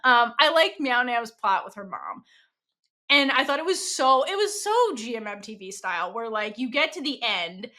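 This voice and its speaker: A young woman co-hosting a podcast in casual chat, animated and full of fillers, acting out quoted lines as she talks. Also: a little high, moderate pace. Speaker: podcast co-host.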